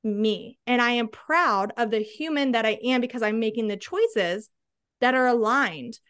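A woman's voice: on the high side, unhurried, clean tone. A woman guest, a body-confidence coach, speaking with passion and emphasis in an interview. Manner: energetic, emphatic, tag questions like "right?".

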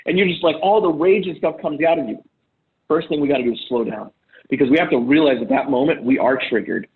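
Man coaching other husbands in casual, profane talk; slightly high pitch, narrow lo-fi audio. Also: fast. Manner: blunt and profane, acts out heated quotes loudly. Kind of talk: casual advice monologue. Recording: phone-like lo-fi audio.

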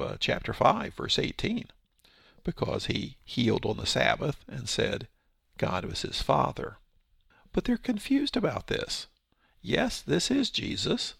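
A man's voice: medium pitch, vocal fry, fairly bright tone, husky, no room sound. A man giving a casual verse-by-verse Bible teaching, explaining with rhetorical questions and his own paraphrases.

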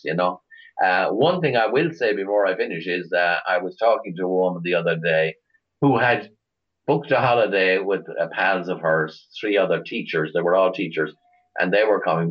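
A man's voice: sits low, dull audio. A middle-aged Irish man chatting as an interview guest, telling rambling stories with many restarts. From Ireland. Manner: rambling storyteller, frequent restarts. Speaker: guest, chauffeur tour operator. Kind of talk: casual interview chat.

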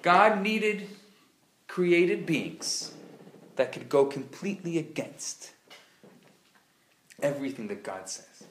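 Brief: male lecturer, somewhat high voice, lively storytelling, roomy classroom echo. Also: slow, long pauses, a little hiss or hum. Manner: animated, playful storyteller who acts out dialogue. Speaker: teacher of a Kabbalah class. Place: classroom at a community center. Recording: roomy live room sound.

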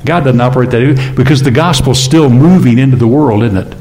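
This pastor talks a little fast with few pauses, his tone on the darker side. His church sermon is casual and conversational, peppered with rhetorical questions to the congregation and abrupt upward shifts in pitch.

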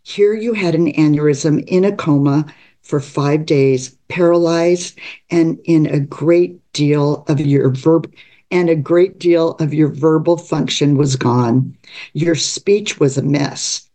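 A woman's voice: sits low, slow, mellow. A woman reading the lines of a frank, caring longtime female friend who speaks directly and earnestly.

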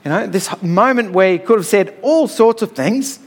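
A man's voice: high voice, expressive, normal speed. A middle-aged man preaching a sermon in a conversational, storytelling way, often checking in with "all right?".

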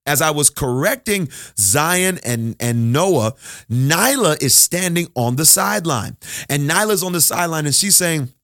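A man's voice: fairly high pitch, animated, fairly bright tone, dry recording, clean studio sound. Man preaching a sermon, emphatic. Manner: emphatic preaching with slow drawn-out key phrases. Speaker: pastor.

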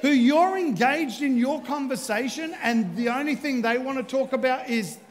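High-voiced joking male pastor. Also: moderate pace, in a large hall. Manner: chatty, self-deprecating, joking with the congregation. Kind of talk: humorous sermon. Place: church stage.

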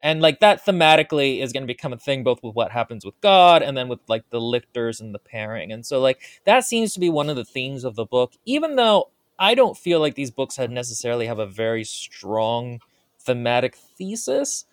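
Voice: mid-range voice, sing-song, fairly quick, dry recording, clean studio sound. A podcast co-host casually reflecting on a book's themes. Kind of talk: casual chat.

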